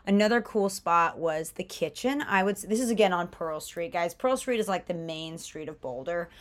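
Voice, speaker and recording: A young woman co-hosting a podcast, chatting casually with animated, enthusiastic storytelling. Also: lowish voice, moderate pace. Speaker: podcast co-host. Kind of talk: casual chat.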